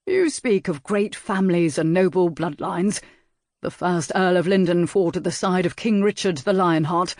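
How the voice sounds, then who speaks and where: A man reading an audiobook and voicing a stern aristocratic father with firm, measured speech. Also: high voice, a little mellow, dry recording, clean studio sound.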